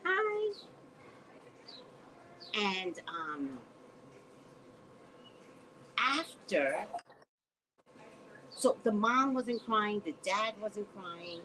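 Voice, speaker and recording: A woman hosting a podcast, reading from a police report and adding her own animated commentary in casual chat. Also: medium pitch, drawn-out words, pauses often, a little hiss or hum, rough recording. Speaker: podcast host. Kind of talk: casual chat recounting a news case.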